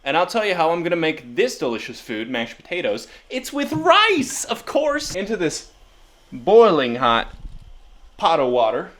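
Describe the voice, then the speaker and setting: As he makes weird food, this male cooking vlogger hypes it up with tongue-in-cheek earnestness and a playful manner. His voice is on the high side with lively intonation and a moderate pace, and a little hiss or hum runs through the audio.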